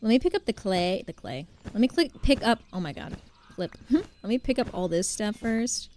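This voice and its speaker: A woman's voice: medium pitch, big pitch swings, normal speed, darkish tone, slight background noise. A woman streaming a game live, chatting casually, laughing often and answering her chat as she plays.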